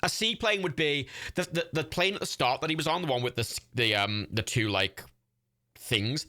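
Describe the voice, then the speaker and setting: A man's voice: mid-range voice, animated, normal speed, bright, forceful tone. A man, hosting a livestream and giving casual, rambling watch-party commentary. He swears freely and laughs often. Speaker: livestream host.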